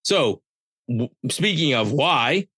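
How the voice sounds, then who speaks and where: A man's voice: mid-range voice, animated, slow pace, bright, forceful tone, slightly rough, dry recording. A man hosting a podcast, giving a casual, joking, rambling recap of a wrestling show. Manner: jokey, rambling, with playful asides. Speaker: podcast host.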